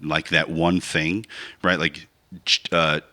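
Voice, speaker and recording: Podcast co-host, male, low voice with a bright, sharp edge, loose rambling talker. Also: flat delivery, takes it slowly. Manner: rambling, reasoning aloud with many "like" and "right?". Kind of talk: casual chat.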